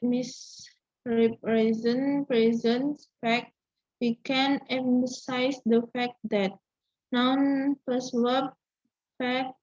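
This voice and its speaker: Slow young woman reading word lists. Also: a little high, darkish tone. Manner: slow, list-like reading with small restarts. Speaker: student presenter. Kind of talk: reading a vocabulary list. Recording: dull lo-fi recording.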